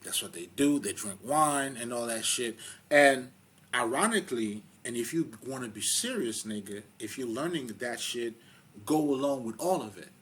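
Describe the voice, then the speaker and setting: A man giving a casual spiritual talk, rambling and profane, full of fillers and loud laughs between points. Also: mid-range voice, animated, normal speed, husky. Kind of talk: casual spoken monologue.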